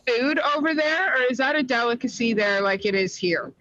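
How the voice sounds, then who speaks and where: A woman's voice: fairly high pitch, lively intonation, a little fast, bright, forceful tone, no room sound, dull audio. A woman from Canada in a casual chat, curious and asking questions.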